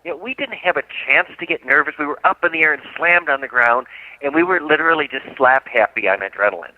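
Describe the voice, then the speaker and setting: A man's voice: fairly high pitch, quick pace, no echo. A man telling a story as a radio guest, vividly acting out the quotes. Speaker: guest author. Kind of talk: animated storytelling. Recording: dry, phone-like line.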